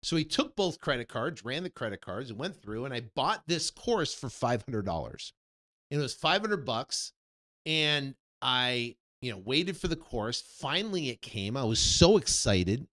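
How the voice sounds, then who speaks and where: Man, 50s, real estate coach, animated storyteller, very lively pitch swings. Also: unhurried. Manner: animated storyteller who acts out quoted dialogue. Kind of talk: personal story told to an audience.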